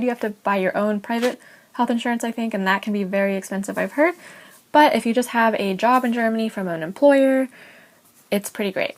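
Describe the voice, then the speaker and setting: A young woman from California with an American accent, telling a personal story in a casual, chatty vlog full of "like" and light laughs. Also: mid-range voice. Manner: chatty and animated, with frequent "like" and laughs. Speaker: vlogger.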